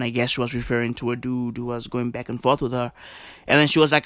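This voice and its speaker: A young man ranting casually to camera in slangy, profane, exasperated commentary. He drops into low mutters and then jumps up high for emphasis. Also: flat delivery, fast, a bit bright, no room sound, clean studio sound. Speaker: vlogger.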